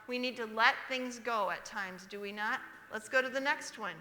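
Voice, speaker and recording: A bright, clear-toned woman delivers a sermon and slows down to read verses aloud. The livestream picks her up in a church hall with a long, roomy echo. She keeps checking that the congregation follows along. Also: on the high side. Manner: storytelling, calls for congregation response, reads verses aloud slowly. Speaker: speaker at a church service. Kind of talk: sermon with a personal story. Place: church sanctuary.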